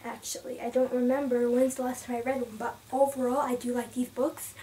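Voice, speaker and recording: A young woman giving a casual, emotional book review, rambling with many restarts and sometimes dropping to a soft whisper. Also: fairly high pitch, little pitch movement, brisk. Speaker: book vlogger. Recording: distant from the mic, faint room noise.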